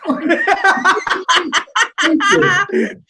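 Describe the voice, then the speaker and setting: A man's voice: extremely high pitch, steady tone, very slow, bright, forceful tone, echoey room, slight background noise, low-quality recording. A British man in his forties telling rambling stories in casual banter, swearing freely. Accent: British English. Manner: rambling storytelling, frequent swearing. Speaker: podcast host.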